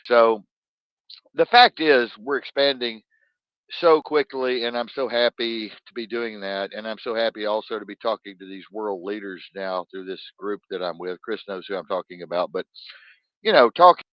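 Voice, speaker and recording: A man hosting a podcast, chatting in a rambling, animated way and swearing freely. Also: lowish voice, normal speed, dry recording, lo-fi sound. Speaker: podcast host. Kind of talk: casual podcast chat.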